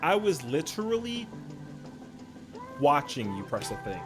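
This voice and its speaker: Male streamer, lively up-and-down delivery, slangy, faint music behind. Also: fairly high pitch, a little slow, long pauses. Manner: slangy, animated, says yo and bro a lot. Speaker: game streamer. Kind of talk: casual stream chat.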